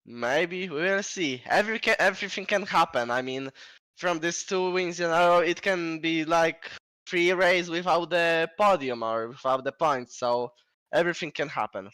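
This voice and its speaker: A man answering post-race interview questions as the winner, short and modest, slightly halting. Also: on the high side, pushed and bright, smooth, no room sound.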